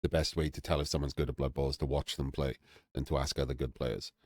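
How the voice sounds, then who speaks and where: Deep-voiced male vlogger, frank and self-mocking, dry room. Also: level tone, fast talker, darkish tone, no room sound. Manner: candid, self-deprecating, with fillers and restarts. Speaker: channel host. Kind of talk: casual talking-head vlog.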